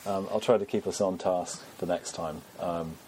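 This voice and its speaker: A man's voice: sits low, steady tone, normal speed, dark tone, slight background noise. A man hosting a podcast, chatting casually in a rambling, self-deprecating way with many fillers. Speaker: podcast host. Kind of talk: casual chat.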